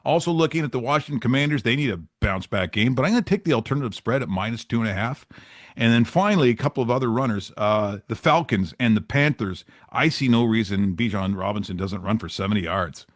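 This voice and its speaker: Man hosting his own betting picks show, easygoing and jokey, mid-pitched voice. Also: animated, quick pace, no room sound, studio quality. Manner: chatty and joking, with loose asides. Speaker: sports betting show host. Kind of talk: casual sports picks talk.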